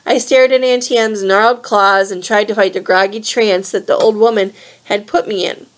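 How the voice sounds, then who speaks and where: A woman reading a novel aloud in a steady, clear storybook manner. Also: mid-range voice, moderate pace. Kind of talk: read-aloud narration.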